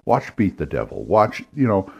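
This man's voice is deep and creaky, a little mellow and slightly rough, with huge swings in pitch and the highs cut off. He runs role-playing games and chats casually about voices and accents, rambling, often starting sentences over and tossing in brief impressions.

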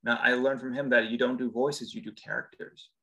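A man's voice: mid-range voice, level tone, a little fast, sharp tone, low-quality recording. Earnest male voice actor guest. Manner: thoughtful, earnest explaining. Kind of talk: casual interview chat.

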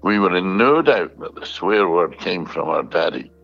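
A man reading a family letter aloud, slowly and deliberately. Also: sits low, lively intonation, vocal fry, faint music behind. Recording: dull lo-fi recording.

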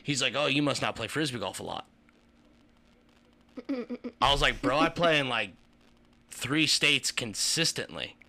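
A man with a very bright, forceful voice tells a story in a loose, rambling way and swears constantly. He is a podcast co-host from the Kentucky tri-state area, talking casually with friends. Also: mid-range voice, a little slow, long pauses. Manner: profane, rambling, animated storyteller.

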